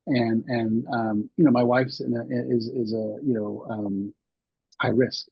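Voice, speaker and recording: Guest, man in his sixties: husky, candid storyteller, dry dull lo-fi sound. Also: medium pitch, flat delivery, unhurried, no room sound. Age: 60s. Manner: rambling, many restarts and fillers. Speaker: podcast guest.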